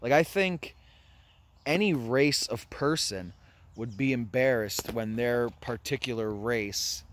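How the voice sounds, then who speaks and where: A man's voice: mid-range voice, takes it slowly. A man from the United States vlogging in casual chat, talking loosely and swearing, with many fillers. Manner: casual, profane, many fillers like "you know".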